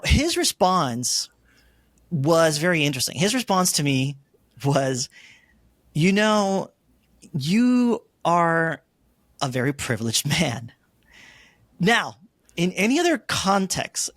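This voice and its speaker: A man's voice: on the high side, dry recording, studio quality. A middle-aged man telling a personal story as an interview guest, acting out the lines he and others said. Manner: animated storyteller, acts out his own quoted lines.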